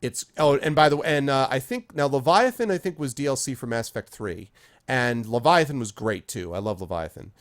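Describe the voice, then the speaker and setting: A man's voice: medium pitch, expressive, fairly quick. A man streaming a game, chatting casually with viewers by name in a rambling way while he plays. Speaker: streamer reading chat while playing. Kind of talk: casual live-stream chat.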